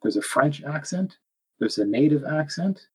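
A man's voice: fairly high pitch, expressive, normal speed, a little mellow, slightly rough, rough recording. A man with a Canadian accent chatting casually, rambling and correcting himself as he goes. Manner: rambling, self-correcting, laughs often. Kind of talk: casual chat.

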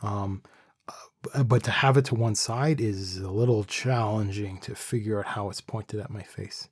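A man's voice: on the low side, fairly even intonation, normal speed, breathy edge, no echo. A man talking casually about his microphone setup into a studio microphone in a small home room, rambling and thinking aloud with restarts. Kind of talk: casual talk to camera. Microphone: studio condenser microphone with pop screen.

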